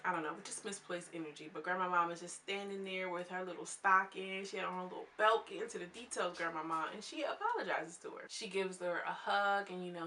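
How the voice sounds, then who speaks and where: A young woman recapping a reality show in a chatty, casual vlog, acting out what people said. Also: mid-range voice. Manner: chatty, animated, quotes people in voices. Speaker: reality TV reviewer.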